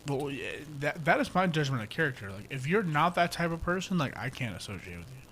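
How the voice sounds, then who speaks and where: A young man co-hosting a podcast in casual chat, swearing freely and acting out quotes from friends in a louder voice. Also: on the high side, fast. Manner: profane, animated storytelling, acts out quotes loudly. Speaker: podcast co-host.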